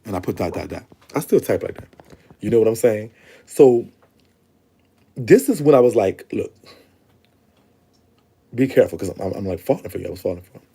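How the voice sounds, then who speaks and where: A man's voice: on the low side, animated, a little fast, pauses often, mellow, husky. A young man chatting casually to his viewers, swearing and laughing as he talks, recorded close on a phone or webcam. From Louisiana. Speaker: vlogger.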